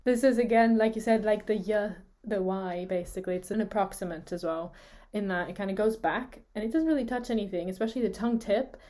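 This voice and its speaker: A woman, Swiss German her first language, co-hosts a relaxed podcast lesson on speech sounds. Her pitch sits mid-range for a woman. She explains step by step, voices each sound she describes and laughs easily. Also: fast talker, few pauses. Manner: explanatory, demonstrates sounds aloud, laughs often. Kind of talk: podcast lesson, casual chat.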